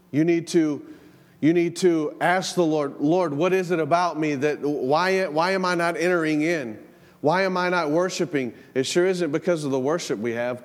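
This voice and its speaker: A man with a fairly high voice delivers a casual, conversational sermon from the pulpit. He repeats words as he goes and works stories about his own family into the message. The sound rings with the long reverb of a church hall. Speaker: pastor. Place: church sanctuary.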